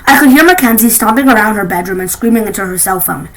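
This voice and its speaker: A woman reading a children's novel aloud, expressive, with frequent restarts. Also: medium pitch, fast, hardly any pauses, rough recording. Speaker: reader.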